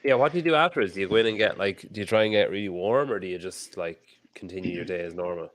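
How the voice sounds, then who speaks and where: Teasing Irish podcast host, low voice. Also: male voice, fast, no echo. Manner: teasing, swearing, rambling questions. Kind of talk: casual interview chat.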